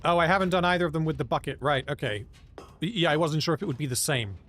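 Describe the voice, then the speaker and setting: A man's voice: fairly high pitch, fast talker, fairly bright tone. A man streaming a video game, joking and thinking aloud as he plays. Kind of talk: casual live commentary.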